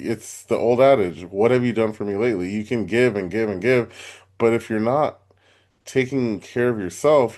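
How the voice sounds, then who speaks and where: A man co-hosting a self-help podcast, talking earnestly and encouragingly, slowing and softening his voice to lead a breathing exercise. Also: on the low side. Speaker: podcast co-host, life advisor. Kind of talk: casual podcast chat with guided breathing.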